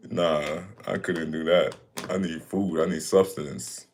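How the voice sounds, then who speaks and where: A man's voice: extremely low pitch, steady tone, slow pace, darkish tone. A man in his thirties hosting a casual livestream Q&A, talking emphatically and repeating himself, breaking into jokes. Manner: emphatic, repetitive, joking, with bursts of mock voices. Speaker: fitness streamer answering viewer questions.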